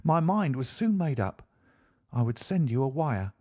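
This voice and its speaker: A man's voice: medium pitch, very animated, unhurried, dark tone, no room sound. Man narrating an audiobook, dry close sound. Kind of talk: scripted narration of a classic story.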